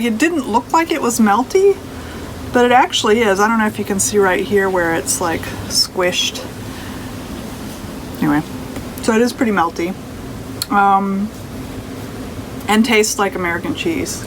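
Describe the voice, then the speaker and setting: Slow, easygoing woman vlogging over background noise. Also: medium pitch. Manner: relaxed, chatty, with fillers. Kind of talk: casual vlog chat. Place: RV kitchen.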